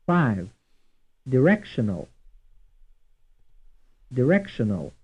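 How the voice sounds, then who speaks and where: A man reads out a language drill at a deliberate, unhurried pace, repeating each item twice. His husky voice moves with a lively rise and fall. The recording is thin and phone-like, like old course audio. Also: medium pitch. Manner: reads words twice, evenly paced. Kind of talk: slow, deliberate drill reading.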